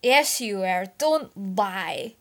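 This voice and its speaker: A woman voicing a hurt, furious young man who shouts and spits his words out in a story reading. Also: medium pitch, level tone, fast, natural voice. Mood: drunk, belligerent.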